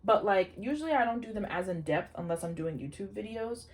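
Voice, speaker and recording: A woman reading tarot cards for her viewers in a casual, excitable way, swearing freely and often breaking into exclamations as she gives them a pep talk. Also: mid-range voice, brisk. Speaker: tarot reader.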